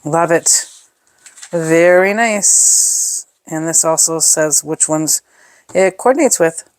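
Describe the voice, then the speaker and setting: Unboxing scrapbooking supplies in a relaxed show-and-tell, this woman reviewer gushes over every item and fills her thinking-aloud with fillers. She has a deep voice and takes her time, and the recording has no room sound.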